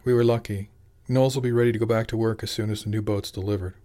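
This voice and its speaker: A man's voice: on the low side, fairly even intonation, fast talker, warm tone, natural voice. A man voicing a blunt, slangy male animal who manages a fishing fleet, pressing his point in an audiobook.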